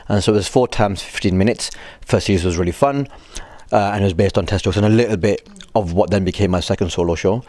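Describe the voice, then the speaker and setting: A man's voice: lowish voice, fast, a little mellow, no echo. A man from northern England, a comedian chatting casually as a guest, wry and self-deprecating. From Blackburn, northern England. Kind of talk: casual chat.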